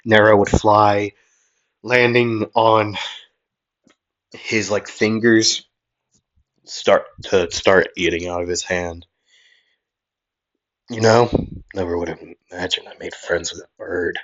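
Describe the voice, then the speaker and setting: A man narrating an improvised fan story at an unhurried pace. He rambles, corrects himself and fills gaps with fillers. The recording sounds dull and lo-fi. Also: fairly low pitch, flat delivery, a bit bright.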